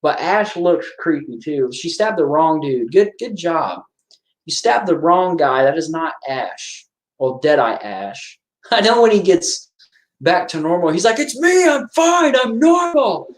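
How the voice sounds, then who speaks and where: A man's voice: on the high side, expressive, measured pace. A man giving casual watch-along commentary on a horror film, chatting and reacting aloud to the scenes.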